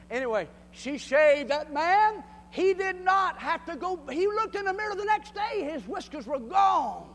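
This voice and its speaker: A man preaching a fiery sermon, shouting and calling out to the congregation, then telling folksy jokes. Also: very high voice, normal speed, hardly any pauses. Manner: shouting, call-and-response, rising to cries. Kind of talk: Pentecostal-style sermon. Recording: long reverb of a church hall.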